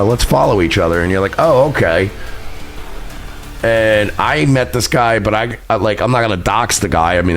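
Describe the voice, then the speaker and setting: A man with a low, gravelly voice talks through a rambling, profane story on a casual livestream, laughing at himself now and then. His pitch swings widely as he gets into it. Faint music plays behind him. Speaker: streamer recounting a party.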